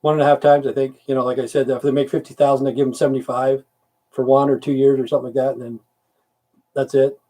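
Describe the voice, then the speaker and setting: A middle-aged military veteran hosts a casual livestream, reading viewer comments aloud and answering them in a rambling, profane, grumbling way. His mid-range voice is mellow, with a level tone and a quick pace.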